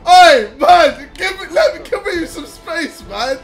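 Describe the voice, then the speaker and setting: A young man, commentating his own football video game in a loud, sweary way, switching from mock rage to gloating. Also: extremely high pitch, expressive, takes it slowly, faint music behind. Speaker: gaming YouTuber. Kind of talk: live gameplay commentary.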